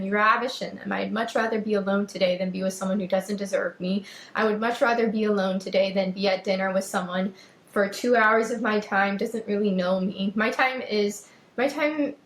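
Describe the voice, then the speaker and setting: A woman's voice: medium pitch, fairly bright tone, roomy sound, poor audio. A young adult woman hosting a podcast, talking emphatically about self-worth, repeating phrases and speaking straight to her listeners. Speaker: podcast host. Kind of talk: personal monologue on self-worth.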